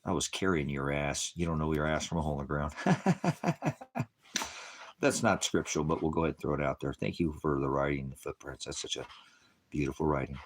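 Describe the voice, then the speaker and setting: A man with an extremely deep voice delivers a rambling online sermon. He answers his viewers in a mocking, combative way, swears freely and keeps breaking into chuckles. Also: expressive, a little fast. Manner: chuckles often between remarks. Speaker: online preacher. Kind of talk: ranting livestream sermon answering comments.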